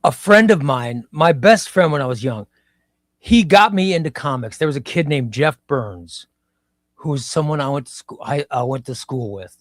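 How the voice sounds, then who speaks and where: A man in his fifties hosting a casual live stream, talking slowly and reflectively and often repeating his phrases. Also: on the high side, lively intonation, dry recording, clean studio sound. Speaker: livestream host. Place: home room.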